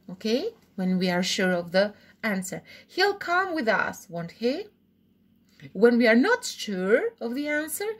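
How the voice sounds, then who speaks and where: A woman teaching English grammar in a recorded lesson, explaining slowly and repeating examples while checking understanding. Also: on the high side, slightly rough.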